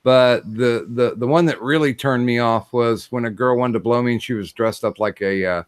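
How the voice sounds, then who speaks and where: A man hosting a casual livestream chat, talking in a halting way with many fillers and restarts. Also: mid-range voice, clear, resonant tone, dry recording, studio quality. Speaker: stream host.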